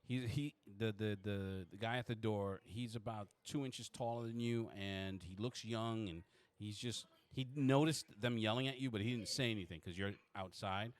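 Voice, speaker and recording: A man narrating a tabletop game as game master, with many halting restarts. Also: fairly low pitch.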